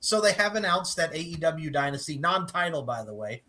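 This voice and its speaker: A man's voice: a little high, big pitch swings, a little fast, pushed and bright. A man co-hosting a casual wrestling chat podcast, who swears freely and laughs as he rants. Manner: swears a lot, laughs while ranting. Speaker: podcast co-host.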